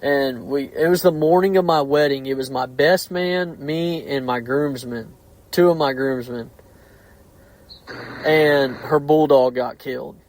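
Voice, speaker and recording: A man's voice: medium pitch, unhurried, darkish tone, rough recording. A man, hosting a casual podcast chat, swearing heavily and speaking bluntly and heatedly.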